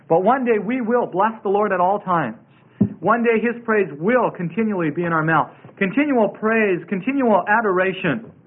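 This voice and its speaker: A man teaching a Bible study in a sermon style, emphatic and repeating his key words. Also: sits high. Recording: tinny phone-like radio broadcast.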